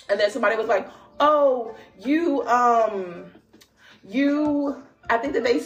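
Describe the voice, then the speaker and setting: A young woman hosting a spiritual podcast, telling a dream story with lots of slang and laughter, then reading cards. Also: fairly high pitch. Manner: animated, laughing, slangy, exclaims often. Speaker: podcast host and spiritual reader. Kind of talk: casual storytelling and card reading.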